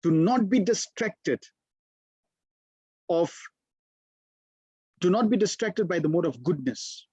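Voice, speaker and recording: Husky man telling a sermon story. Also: sits high, expressive, takes it slowly, pauses often, mellow, dry recording. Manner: conversational, many fillers. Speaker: spiritual teacher.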